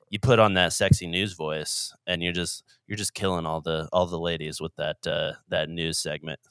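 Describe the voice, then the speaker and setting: Chatty guy hosting a podcast, kinda low voice, lots of uh's, dry sound. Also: pushed and bright, clean tone, dry recording. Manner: upbeat, chatty, with many filler "uh"s. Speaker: podcast host. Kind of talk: casual podcast chat.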